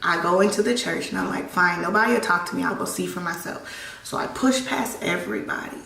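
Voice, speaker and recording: A young woman telling a personal story on her vlog, halting and emotional with many restarts, holding back tears. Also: on the low side, gravelly, bright, forceful tone, recorded from a distance. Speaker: vlogger. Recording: echoey room, voice a bit off-mic.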